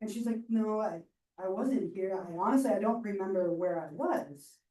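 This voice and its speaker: A woman teaching a psychology class, telling a story in a casual, animated way full of fillers. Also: medium pitch, moderate pace. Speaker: psychology instructor. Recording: roomy classroom mic from far off.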